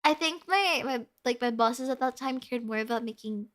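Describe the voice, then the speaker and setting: A young woman with a high, sparkling voice chats casually on stream, answering her viewers. She talks in a breezy, giggly way, with "like" in nearly every phrase. Her tone is crisp and bright. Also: moderate pace. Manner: chatty and giggly, peppers speech with "like". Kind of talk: casual chat reading viewer comments.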